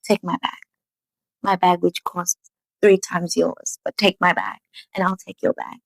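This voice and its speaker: A woman voicing a calm, wealthy young woman who speaks softly and with composure. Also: on the low side, measured pace, vocal fry, no room sound, low-quality recording.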